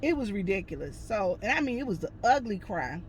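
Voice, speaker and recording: Woman vlogging from her car, chatty storyteller, mid pitch, light background noise. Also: fairly quick. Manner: chatty, addresses viewers as y'all, lively retelling. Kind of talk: casual storytelling to camera.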